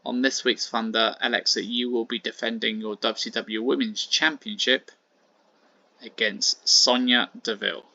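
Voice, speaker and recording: A man's voice: mid-range voice, fairly even intonation, moderate pace, creaky, pushed and bright, no room sound. Brief: businesslike woman agent, polite, a little awkward, read by a man, on a dry, dull track. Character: female wrestling agent, polite, professional, a bit awkward.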